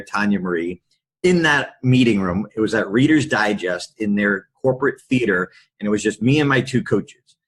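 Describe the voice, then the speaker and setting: A middle-aged man, a podcast guest and public speaker, telling candid stories in a lively anecdotal way. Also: medium pitch, breathy edge. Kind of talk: storytelling in a podcast interview.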